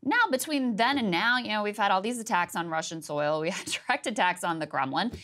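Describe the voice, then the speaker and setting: A woman co-hosting a political talk show, discussing the news in an agreeable, chatty way, with her voice jumping high for emphasis. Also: brisk, fairly bright tone. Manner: agreeing, laughing lightly, rises high for emphasis.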